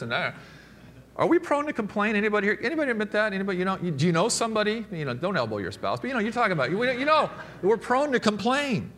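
Pastor guy preaching in church, highish voice, loud bursts then quiet asides. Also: sing-song, fast talker, slight background noise. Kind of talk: sermon.

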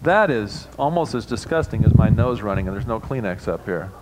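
A man preaching as a pastor, moving from quiet reflection to emphatic, rising passages with playful asides. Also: on the low side, expressive, fairly quick, heavy background noise. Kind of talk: sermon. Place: church sanctuary.

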